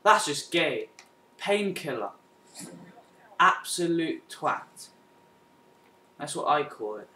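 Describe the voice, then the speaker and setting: Young man, gamer, high lively voice, frustrated mutters and outbursts, distant mic in an echoey room with faint noise. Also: takes it slowly, long pauses. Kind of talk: gameplay commentary.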